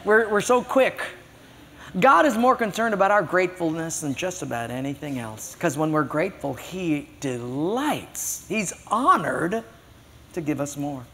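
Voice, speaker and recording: A man's voice: on the high side, measured pace, long reverb tail, a little hiss or hum. An older man preaching a sermon as a pastor, telling stories and acting out voices. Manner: animated storytelling, acts out voices.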